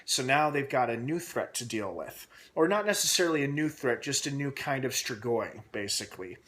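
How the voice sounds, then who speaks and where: A young man talking through a TV episode recap in a loose, rambling way. His voice sits at an ordinary middle pitch, and "uh" fillers and restarts break up his sentences. He keeps tossing speculative questions out to his viewers. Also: animated, moderate pace, a bit bright, slight background noise. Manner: asks himself questions aloud while speculating. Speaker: TV episode reviewer and channel host. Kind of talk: casual recap vlog.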